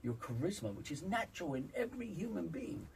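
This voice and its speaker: Emphatic man coaching voice, lively pitch. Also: a little fast, creaky, recorded from a distance, slight background noise, poor audio. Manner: emphatic, demonstrates vocal sounds. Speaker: vocal coach. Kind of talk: interview, teaching voice exercises.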